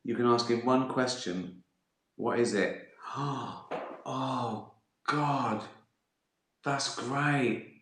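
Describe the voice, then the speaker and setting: A man's voice: mid-range voice, slow pace, pauses often, reverberant. A middle-aged man, chatting casually on a livestream, rambling, swearing and laughing at his own stories. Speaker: livestream host answering viewer questions. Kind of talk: casual chat.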